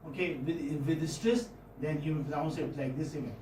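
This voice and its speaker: Halting Indian man lecturing, high voice. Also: noisy background. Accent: Indian English. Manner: halting, repeats words, checks in with students. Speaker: English literature lecturer. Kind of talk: classroom lecture on phonetic transcription. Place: classroom. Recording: roomy classroom audio from far off.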